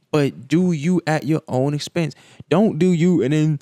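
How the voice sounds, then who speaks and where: A man with a gravelly voice delivers blunt, profane reaction commentary at a slow, deliberate pace. His voice is recorded close and dry, with no room sound. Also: mid-range voice, warm tone, no echo. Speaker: commentary host.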